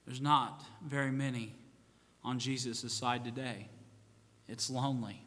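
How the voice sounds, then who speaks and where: Bright-voiced pastor preaching in a reverberant church. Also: male voice, mid-range voice, steady tone, a little slow. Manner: swings from loud fervent preaching to hushed solemn tones. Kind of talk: sermon. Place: church sanctuary. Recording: long church hall reverb.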